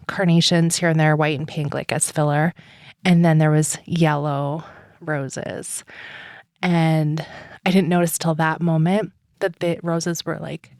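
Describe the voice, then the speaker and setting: A woman podcast host telling a personal story in a rambling, chatty way, full of "like" and "um" and quick laughs. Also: on the low side, a little mellow, dry recording, studio quality.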